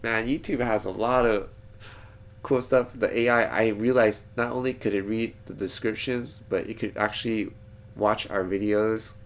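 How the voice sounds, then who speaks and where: Male vlogger, deep-ish and a bit creaky; easygoing, digressive talk from a home studio. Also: steady tone, moderate pace. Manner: digressive, thinks aloud with frequent restarts. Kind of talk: casual rambling vlog monologue.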